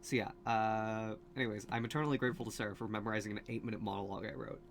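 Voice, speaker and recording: A man's voice: fairly low pitch, steady tone, rapid-fire, slight background noise. A man hosting a casual video commentary, rambling with many fillers, asides and restarts. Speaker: video host.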